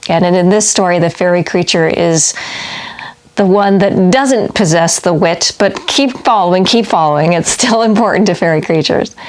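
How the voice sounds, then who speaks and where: A woman's voice: fairly low pitch, normal speed, a little mellow. A woman hosting a casual video, chatting and retelling fairy tales with frequent little laughs. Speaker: video host. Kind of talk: casual storytelling vlog.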